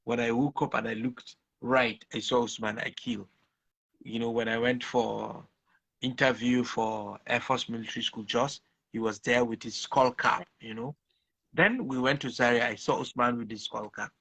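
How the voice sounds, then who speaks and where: A man from Nigeria, a poet and guest, talking in a reflective, unhurried way in a casual conversation. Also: mid-range voice, creaky, sharp tone, slightly rough, dry recording, poor audio.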